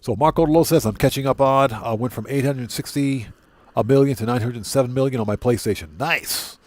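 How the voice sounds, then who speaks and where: A man's voice: medium pitch, brisk, darkish tone, dry recording. A man chatting casually with viewers while streaming a game, greeting them by name and often repeating and correcting himself. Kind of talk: casual livestream chat.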